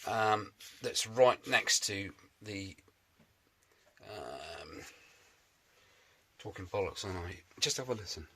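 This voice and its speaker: A man chats away to camera from his workshop shed, joking at his own expense as he goes. His voice sits on the low side but comes out bright and forceful, with a faint hiss of background noise in the recording. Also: takes it slowly, pauses often. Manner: chatty, jokey, self-mocking asides. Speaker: motorbike restoration vlogger. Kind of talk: casual workshop chat to camera.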